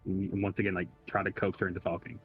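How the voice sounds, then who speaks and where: A man playing a tabletop game who describes his character's actions haltingly, with many fillers. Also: deep voice, little pitch movement, soft background music. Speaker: player. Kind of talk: casual tabletop play, third person for his character. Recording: tinny phone-like line.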